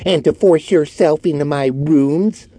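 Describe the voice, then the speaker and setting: A man's voice: on the high side, measured pace, warm tone, no room sound, pitched above the performer's own voice, close to an everyday voice. A man voicing a sullen, cowardly man who turns sarcastic and frightened in an audiobook. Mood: sneering.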